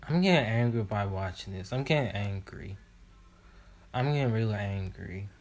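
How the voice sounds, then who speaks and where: A man's voice: on the low side, animated, moderate pace, a little mellow, a little hiss or hum. A man hosting a reaction video, indignantly talking back at the screen in casual commentary.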